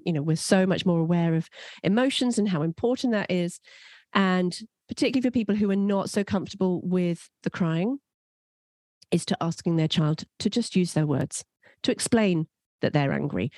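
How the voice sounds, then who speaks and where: A mother and parenting coach talking parents through advice in an earnest, reassuring way, growing animated when she describes strong feelings. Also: lowish voice, normal speed, no echo.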